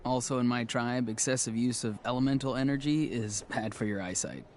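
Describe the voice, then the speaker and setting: Calm measured tribesman, a man voicing him, mid pitch, faint noise behind. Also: close to an everyday voice. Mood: polite.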